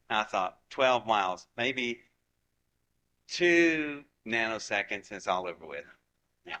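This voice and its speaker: A man in his seventies from Ohio telling anecdotes in a lively way and acting out the dialogue. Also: medium pitch. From Ohio, United States. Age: 70s. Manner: acts out dialogue with lively voices. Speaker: guest storyteller. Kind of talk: animated anecdotal storytelling.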